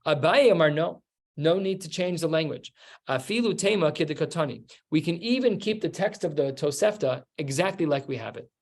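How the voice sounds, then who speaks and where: A rabbi giving a Talmud class, explaining each step and acting out the quoted lines. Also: male voice, on the high side, lively intonation, a little fast, vocal fry. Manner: explains step by step, mixing Aramaic terms into plain speech.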